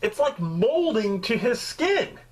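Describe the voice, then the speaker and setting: A man reviews a movie in a loose, joking way, and he swears a lot. His pitch swings widely up and down as he drifts off into tangents. It sounds like off-the-cuff talk rather than anything scripted. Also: takes it slowly, a little hiss or hum, poor audio. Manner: animated, swears freely, rambling asides. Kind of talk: casual comedic movie review.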